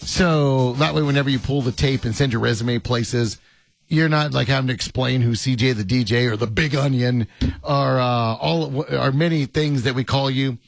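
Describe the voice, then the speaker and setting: A man's voice: medium pitch, normal speed, creaky, no room sound. A man hosting a sports radio show in casual banter, joking and rambling with frequent laughs.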